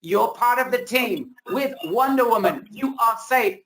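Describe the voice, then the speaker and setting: A man hosting a webinar, giving a pushy, excited sales pitch over a video call while his voice is wearing out. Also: unhurried, a little hiss or hum. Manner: hyped, pushy salesman hype. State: losing his voice. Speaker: webinar host. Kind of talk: hard-sell webinar pitch.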